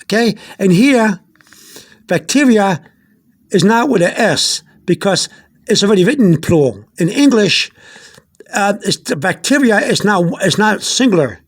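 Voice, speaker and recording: High-voiced man teaching pronunciation. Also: expressive, unhurried. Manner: repetitive, patient, restarts often. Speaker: Spanish teacher. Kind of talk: informal pronunciation lesson. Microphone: phone held in one hand.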